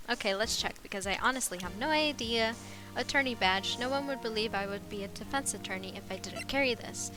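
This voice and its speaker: A woman's voice: fairly high pitch, a little fast. A woman streamer playing a courtroom game, reading its dialogue aloud with a nervous, stammering delivery. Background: game music.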